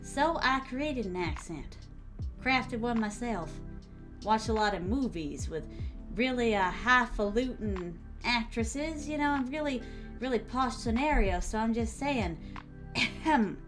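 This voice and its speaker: Theatrical young woman streamer, higher voice. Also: lively intonation, unhurried, a bit bright, soft background music. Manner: theatrical, refined diction, calls her viewers "my starlings". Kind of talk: casual live-stream chat while writing.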